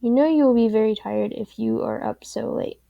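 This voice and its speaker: Woman doing a gentle skeleton big brother. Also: on the high side, normal speed, gravelly, no echo, muffled recording. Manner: soft, patient, caring.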